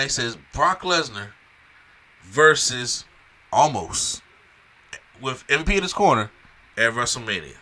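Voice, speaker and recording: A man casually recapping a wrestling show episode in a rambling, animated way, with frequent restarts and fillers. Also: mid-range voice.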